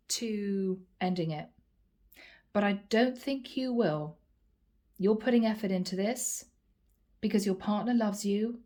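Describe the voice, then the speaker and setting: A woman reading tarot cards aloud for an unseen viewer, naming each card as she turns it. Her voice is mellow and dark-toned at a middling pitch. She talks earnestly and calls her audience "guys.".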